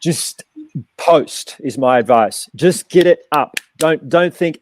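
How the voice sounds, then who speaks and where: A man speaking as a guest activist, giving blunt, forceful advice and repeating phrases. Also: on the high side, expressive, measured pace, no echo. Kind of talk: casual chat.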